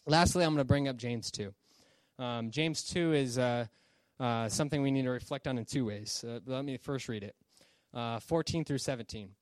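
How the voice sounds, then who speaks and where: A man's voice: medium pitch, moderate pace, dry recording. Casual male Bible teacher, dry sound. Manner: conversational, checks in with "okay?" and "right?".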